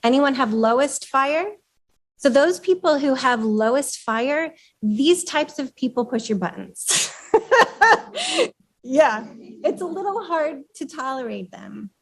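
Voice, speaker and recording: A woman's voice: high voice, big pitch swings, slow pace. A woman author giving a conversational workshop talk, explaining ideas and asking the room questions. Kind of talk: live talk to a room of women leaders. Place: room with an audience.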